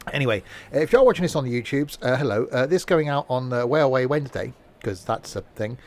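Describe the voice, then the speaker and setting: Guy rambling through a train sim stream, jumpy pitch, jokes at himself, uhs everywhere. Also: expressive, fast talker. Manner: rambling, self-mocking, many fillers. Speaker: streamer playing a train simulator. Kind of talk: casual live-stream commentary.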